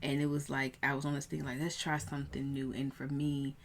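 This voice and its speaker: A woman in her thirties, a coach, telling a personal story in a casual vlog, animated and prone to rising in excited bursts. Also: very deep voice, brisk. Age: 30s.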